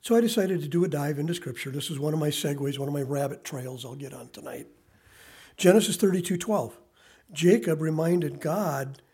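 A man in his thirties preaching a sermon, swinging from loud emphasis to quiet, hushed asides. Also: on the high side, husky. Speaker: pastor.

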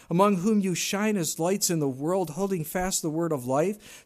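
A man's voice: fairly high pitch, a little mellow. A middle-aged man preaching a sermon in a conversational way, now and then acting out whiny complaints in a raised voice. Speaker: pastor.

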